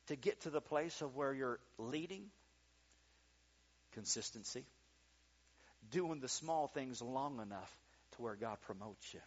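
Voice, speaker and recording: A man's voice: on the high side, muffled recording. A male pastor preaching a sermon, telling a story with acted-out quotes and building emphasis.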